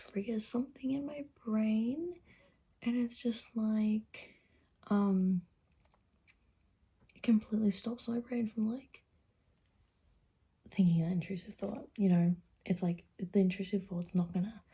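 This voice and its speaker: A woman's voice: medium pitch, mellow, breathy edge. A young woman vlogging in casual, rambling chat, swearing freely and often dropping into a whisper. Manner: rambling and profane, drifts into whispers.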